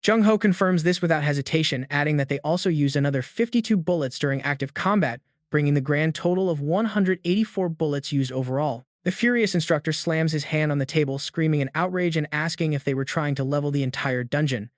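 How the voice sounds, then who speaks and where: A man's voice: fairly high pitch, a little fast, few pauses, no room sound. Dramatic male recap narrator, dry sound. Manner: dramatic, even-paced storytelling. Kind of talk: scripted story narration.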